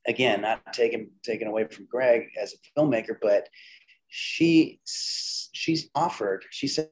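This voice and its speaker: A middle-aged man speaking at an ordinary, mid-range pitch, with the easy flow of a guest telling stories in an interview. He recounts anecdotes with animated quoted dialogue and often backs up to restart his sentences. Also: a little slow, rough recording. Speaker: interview guest, comedian and filmmaker. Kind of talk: casual conversational storytelling.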